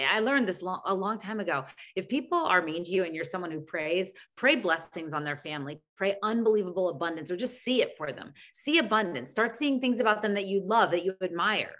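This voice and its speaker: A woman's voice: lowish voice, a bit bright. A woman hosting a team video call, asking her guest questions and reflecting earnestly on his answers. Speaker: host.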